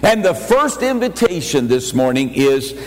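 Older male pastor, sermon, emphatic delivery, slightly high voice, long hall reverb. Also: big pitch swings. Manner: emphatic preaching with rising, slowed lines.

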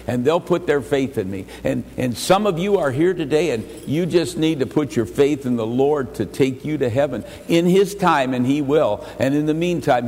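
A male pastor preaching a sermon in a church, emphatic, rising to raised exhortation and dropping to quiet earnest asides, often repeating words as he restarts. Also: medium pitch. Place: church sanctuary. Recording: long church reverb, faint ambient noise.

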